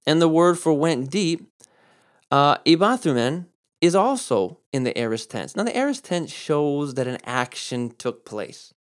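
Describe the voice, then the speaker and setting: A man preaching a sermon and explaining Greek words, who repeats key words for stress and switches between slow, drawn-out emphasis and quick asides. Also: on the high side, sing-song. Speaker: pastor. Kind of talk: sermon with Greek word study.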